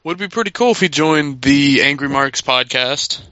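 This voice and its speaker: A man's voice: on the high side, animated, moderate pace, pushed and bright, no room sound. A man in a casual wrestling podcast chat, eager and rambling, with lots of fillers. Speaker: podcast co-host. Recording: dry, dull lo-fi audio.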